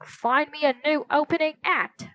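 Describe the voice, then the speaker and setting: In a storybook reading, a woman reader puts on the voice of a fussy middle-aged theater manager, wailing and panicking in a high, strained tone. The delivery is a little slow and a bit bright, with close, dry recording.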